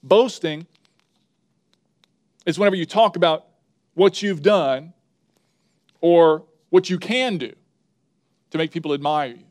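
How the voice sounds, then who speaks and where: A man's voice: a little high, unhurried, pauses often. Emphatic man preaching a sermon. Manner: emphatic, builds up repeated phrases; talks to the slide operator mid-sermon.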